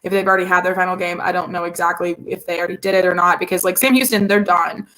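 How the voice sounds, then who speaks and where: A woman's voice: on the low side, steady tone, very fast, fairly bright tone. Chatty woman co-hosting a sports podcast. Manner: chatty, rambling with many fillers. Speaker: podcast co-host. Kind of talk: casual sports chat.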